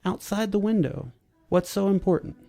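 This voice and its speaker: A stern schoolteacher lectures in brisk, sarcastic tones with a raised pitch, as a man puts her on. The voice stays dark and gravelly. Soft music plays under the storybook reading. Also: lively intonation. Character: strict woman schoolteacher, stern.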